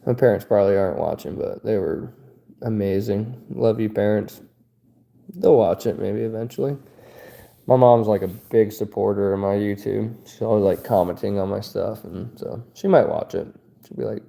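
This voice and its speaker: Gravelly, lively-voiced male streamer. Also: fairly low pitch, moderate pace. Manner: loose, joking, profane banter. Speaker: livestream host. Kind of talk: casual livestream chat, reading viewer comments.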